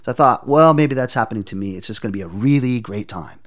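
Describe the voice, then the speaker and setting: A man telling a personal testimony in an interview, earnest and intense, often halting and repeating words as he searches for them. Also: medium pitch, lively intonation. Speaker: interview guest.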